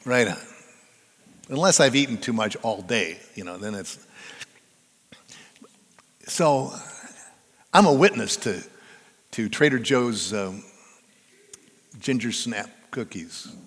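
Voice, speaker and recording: Older male pastor, conversational sermon delivery, animated pitch, long hall reverb. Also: slow pace, pauses often. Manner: conversational, chatty storytelling that draws the audience in.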